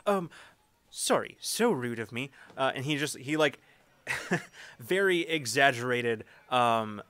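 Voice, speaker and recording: A man's voice: mid-range voice, lively intonation, slow, pushed and bright, dry recording. A man narrating a tabletop game as game master in a casual, rambling way with many fillers. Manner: casual, filler-heavy narration with frequent laughs.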